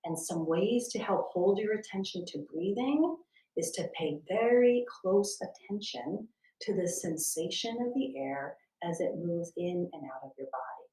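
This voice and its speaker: A woman teaching a guided meditation from her home, speaking slowly and softly and drifting into whispers at times. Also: lowish voice, lively intonation. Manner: slow, soft and soothing, drifting into whispers. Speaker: wellness instructor. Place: at home, landscaper heard outside. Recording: roomy, distant from the mic.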